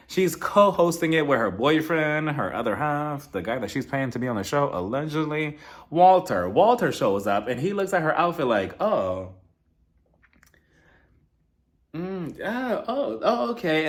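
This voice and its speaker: Young adult man, chatty reality TV recapper; lively sing-song pitch, gossipy, slips into impressions of the cast. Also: moderate pace. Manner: chatty, gossipy, acts out cast members' lines in mimicking voices. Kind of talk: casual recap commentary.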